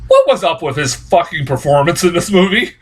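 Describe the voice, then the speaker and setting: A man's voice: fairly high pitch, very animated, fairly quick, poor audio. A young man reviewing a movie in a casual, exasperated rant, cursing often and rambling through restarts and laughs. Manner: exasperated profane ranting.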